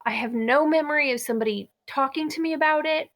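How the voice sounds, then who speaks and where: Talking fast in a high, fairly bright voice, a young podcast co-host is candid and casual as she discusses the story she picked. She laughs readily throughout.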